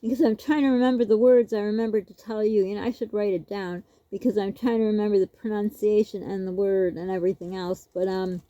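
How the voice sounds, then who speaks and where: A woman's voice: medium pitch, steady tone, fast, few pauses, warm tone, no echo, lo-fi sound. A woman vlogger telling a rambling, casual story, laughing often as she goes.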